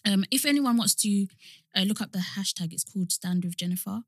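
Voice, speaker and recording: A woman's voice: mid-range voice, fairly quick, dry recording, studio quality. A young woman co-hosting a podcast in casual chat, full of "like" and "you know". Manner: chatty, frequent "like" and "you know" fillers. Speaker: podcast co-host.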